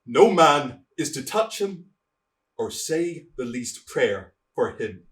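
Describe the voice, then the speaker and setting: A man performs a commanding king in a stage play, declaring his will with force and then dropping to a cold, level hush. His voice sits at an ordinary middle pitch for a man, and he sounds grave and unbending throughout. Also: big pitch swings, slow, recorded from a distance. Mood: proclaiming. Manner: declamatory, swings from loud proclamations to cold quiet threats. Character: stern commanding male king laying down the law.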